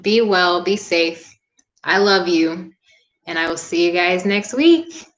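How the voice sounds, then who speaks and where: A young woman yoga instructor wrapping up a live-streamed class, talking in a warm, earnest and chatty way with frequent "um" fillers. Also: fairly low pitch, slow. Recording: echoey room.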